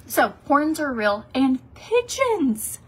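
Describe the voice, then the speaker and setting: A woman's voice: high voice, big pitch swings, takes it slowly. Chatty woman from Tennessee rambling. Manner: chatty and rambling, with many fillers and restarts. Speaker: beauty vlogger. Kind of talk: casual makeup tutorial chat.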